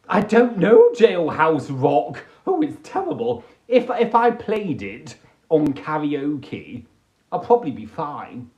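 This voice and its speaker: A man's voice: a little high, slow pace, creaky, muffled recording. A man from England hosting a casual livestream from home, playful and chatty. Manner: playful, animated, breaks into silly improvised singing. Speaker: livestream host.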